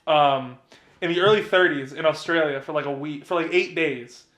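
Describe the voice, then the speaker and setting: A man's voice: fairly high pitch, moderate pace, a bit bright, reverberant. A man co-hosting a casual podcast, telling stories in a laid-back way, laughing often and saying "dude". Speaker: podcast co-host. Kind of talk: casual banter.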